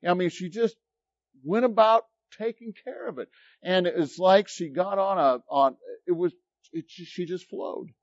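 Pastor guy preaching, animated and emphatic, dull dry lo-fi recording. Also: high voice, moderate pace, no echo. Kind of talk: sermon.

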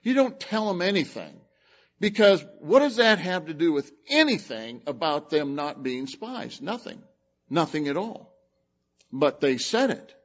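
A man preaching a sermon, retelling a scripture story with lively acted-out voices. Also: fairly high pitch, measured pace, dull audio. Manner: animated storytelling, acts out the characters.

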